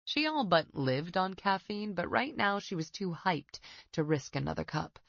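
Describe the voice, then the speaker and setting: A woman narrating a suspense audiobook in a steady, even reading. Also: low-pitched, normal speed, gravelly, dry recording, muffled recording. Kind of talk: scripted narration.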